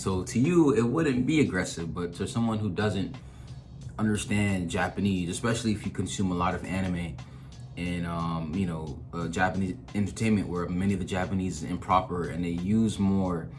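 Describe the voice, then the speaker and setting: A man hosting a reaction video, chatting in a casual, opinionated way. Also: sits low. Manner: chatty, opinionated, laughs at own jokes. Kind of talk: casual commentary.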